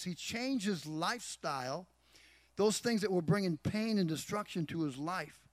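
A man's voice: high-pitched, no echo. A middle-aged man preaching a sermon, emphatic, asking the congregation rhetorical questions. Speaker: pastor.

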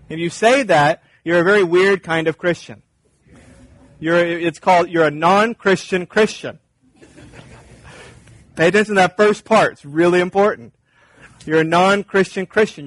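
Male pastor, sermon, husky voice, fairly high pitch, dry sound. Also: normal speed, dry recording. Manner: emphatic, conversational, acts out dialogue.

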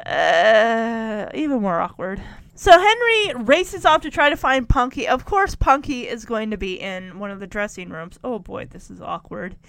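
Brief: animated woman narrator, casual recap, lively pitch, dry and close. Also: unhurried, creaky, no echo. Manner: chatty, animated, exasperated asides. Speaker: tv episode recapper.

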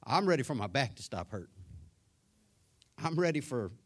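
A middle-aged man preaching a sermon as a pastor, rising to loud emphatic declarations and dropping to a soft, subdued voice when telling a personal story. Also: medium pitch, sing-song, moderate pace.

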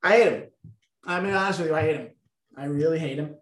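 A man hosts a laid-back podcast, rattling off jokes at a quick clip in a fairly high voice. He swears casually, and the room around him rings with echo. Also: fairly bright tone. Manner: quick, joking, swears freely. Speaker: podcast host. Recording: roomy echo.

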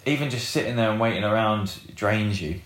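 A man with a lowish voice chats casually as an interview guest. He rambles with many fillers and blunt swearing. The room around him is roomy and echoey. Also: a little fast, a bit bright. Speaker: guest, rock band guitarist.

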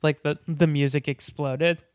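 A man's voice: on the high side, fairly even intonation, a little slow, darkish tone, smooth, no echo, studio quality. A man co-hosting a casual movie chat, joking and acting out the characters' lines. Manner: jokey, acts out characters' lines in silly voices. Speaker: podcast co-host.

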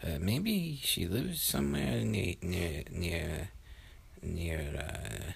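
A flustered spaceman stumbles over his words with plenty of ums and restarts, as a man puts him on in a bedtime story. His voice sits a little higher and louder than a plain telling, with a low gravelly edge underneath. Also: lively intonation, drawn-out words, heavily acted. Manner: hesitant, stammering. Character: flustered male space traveler Hanukkah Harry.

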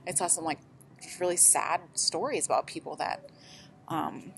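A young woman with a low voice chats loosely as a podcast co-host. Her talk is filled with casual fillers and restarts. A faint outdoor ambience sits behind her. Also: lively intonation, normal speed, vocal fry, fairly bright tone, slight background noise. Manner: chatty, lots of "like" fillers. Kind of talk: casual chat.

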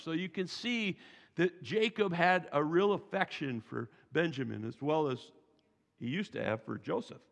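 Animated high-voiced pastor in a reverberant hall. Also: male voice, unhurried, vocal fry. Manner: animated storytelling, acting out quotes, chuckling asides. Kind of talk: sermon.

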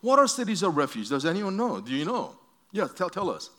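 A man's voice: high-pitched, very animated, fairly quick, pushed and bright. A man preaching a conversational sermon to a congregation, telling stories and asking questions, with frequent restarts. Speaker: pastor.

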